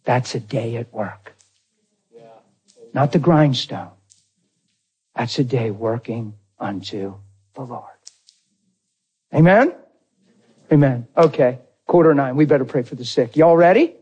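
A man's voice: mid-range voice, expressive, slow pace, pauses often, darkish tone, husky, highs cut off. A man pastor preaching a storytelling sermon in a folksy, conversational way, talking straight to his congregation.

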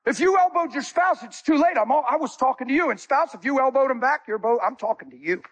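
A man preaching a sermon as a guest speaker, animated, telling stories with acted-out dialogue. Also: very high voice, fast, slight background noise.

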